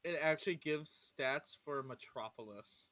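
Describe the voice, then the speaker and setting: An eager young man joins a tabletop game with quick jokes and questions. His voice is bright and slightly high, with a dry, close sound. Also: no echo. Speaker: player. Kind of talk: playing a tabletop game over voice chat.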